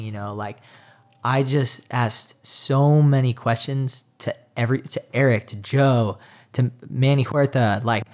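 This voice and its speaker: Young male athlete guest, mid-pitched, earnest and chatty, loose filler-heavy delivery. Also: darkish tone. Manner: earnest, talks with many "like" fillers. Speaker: triathlete guest. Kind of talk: casual interview chat.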